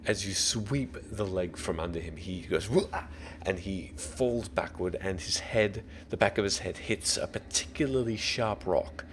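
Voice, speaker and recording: A man with an Australian accent running a tabletop game as dungeon master, relaxed and quick to laugh as he narrates and calls for rolls. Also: low-pitched, slight background noise.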